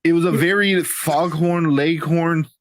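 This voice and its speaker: A man co-hosting a casual live movie review show, joking with lively opinions. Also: on the high side, measured pace. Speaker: podcast co-host.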